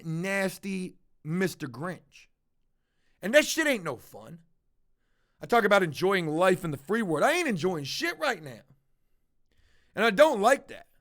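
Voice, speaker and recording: Speaking in a high-pitched, somewhat bright voice, a male vlogger on a livestream confesses a story to viewers. His delivery is casual, plain-spoken, and full of profanity.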